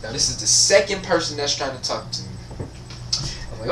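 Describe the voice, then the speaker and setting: Profane, animated teenage guy ranting. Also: a little high, fairly quick, very noisy. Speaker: vlogger. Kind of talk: casual storytelling rant. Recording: echoey room, voice from far off.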